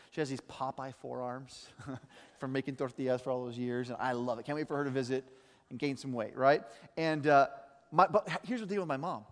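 A middle-aged man preaches from the pulpit, his voice sitting a little high for a man. He tells stories with animated energy and slips into quick impressions of other people. The long reverb of a church hall trails after his words. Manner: animated storytelling, mimicking voices. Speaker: pastor. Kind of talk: sermon.

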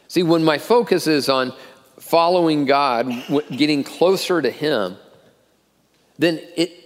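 Middle-aged pastor preaching in a reverberant hall. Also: male voice, a little high. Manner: earnest, repeats words when starting phrases. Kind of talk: sermon. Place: church auditorium. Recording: long reverb of a church hall.

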